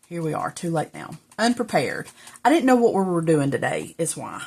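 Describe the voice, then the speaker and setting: A woman's voice: lowish voice, big pitch swings, normal speed, a bit bright, slightly rough. A middle-aged woman, out of breath and rambling as she chats to viewers while crafting at home. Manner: rambling and chatty, self-talk while working. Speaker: crafting vlogger. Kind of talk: casual chat while crafting. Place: home craft room, indoors.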